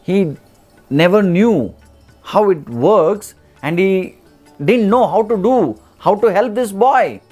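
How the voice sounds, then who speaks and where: Animated male storyteller over faint music. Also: high voice, slow pace. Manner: animated, acts out the voices in his stories. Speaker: motivational speaker. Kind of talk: storytelling talk.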